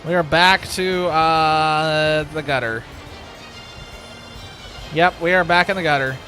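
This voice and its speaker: A man's voice: on the high side, fairly even intonation, takes it slowly, sharp tone, faint music behind. A man chatting casually while livestreaming a game, joking, rambling and laughing often. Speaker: streamer. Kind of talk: casual gaming livestream chat.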